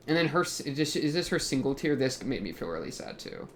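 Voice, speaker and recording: A man's voice: mid-range voice, big pitch swings, fast talker, hardly any pauses, a bit bright, a little hiss or hum. Rambling young man reacting to anime. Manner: rambling, filler-heavy, thinking aloud. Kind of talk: casual reaction commentary.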